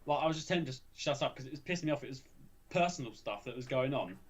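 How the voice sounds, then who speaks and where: A young man co-hosting a casual chat, telling stories in a loose, rambling way. He swears freely and often restarts his sentences, at an ordinary middle pitch. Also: animated, very fast, muffled recording. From England. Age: young adult. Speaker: podcast co-host.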